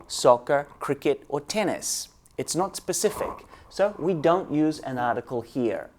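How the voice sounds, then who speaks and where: A man's voice: mid-range voice, a little mellow, a little hiss or hum. A man teaching an English grammar lesson, explaining step by step and often calling his students "guys".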